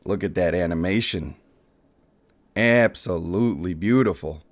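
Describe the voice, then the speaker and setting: Man, young adult, game streamer, playful, excitable, chatting with viewers. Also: sits low, a little slow. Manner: playful, excitable, joking with chat. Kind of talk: live game stream commentary.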